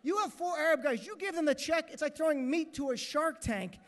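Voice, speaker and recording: A man's voice: very high voice, brisk. A man doing a stand-up comedy routine as master of ceremonies, joking and acting out characters, in a large hotel ballroom. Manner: joking, animated, acts out characters. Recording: echoey hall.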